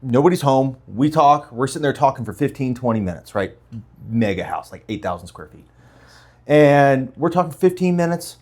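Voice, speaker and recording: A man hosting a podcast, telling stories in an animated, casual way. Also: mid-range voice, moderate pace. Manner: animated storyteller. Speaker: podcast host. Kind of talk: casual storytelling chat.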